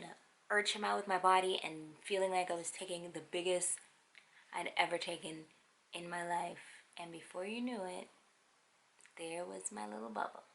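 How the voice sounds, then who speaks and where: A young woman telling a personal story in a casual, animated, wry way. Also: lowish voice, vocal fry, a little hiss or hum. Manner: animated, wry, quotes others in quick asides. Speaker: vlogger.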